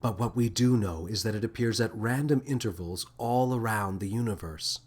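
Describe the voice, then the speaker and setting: A man voicing a calm, formal female alien first mate who speaks in a low, measured tone. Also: breathy edge. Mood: matter-of-fact.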